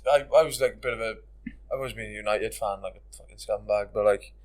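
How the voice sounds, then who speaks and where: A man's voice: fairly low pitch, quick pace. A man with a South Welsh accent hosting a casual chat, rambling and sweary, tired. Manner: rambling, sweary, laid-back, lots of 'like'. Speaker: podcast host.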